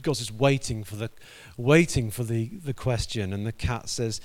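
A male preacher tells a sermon story in an animated way. He acts out each character's lines as he goes. His voice sits at a middle pitch. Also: a little slow, hardly any pauses.

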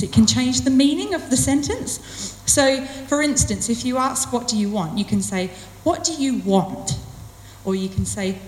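A woman's voice: on the high side, a little mellow. A woman giving a personal sermon talk in a chatty, self-deprecating way, with playful emphasis on her words. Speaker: church speaker. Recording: echoey hall with long reverb.

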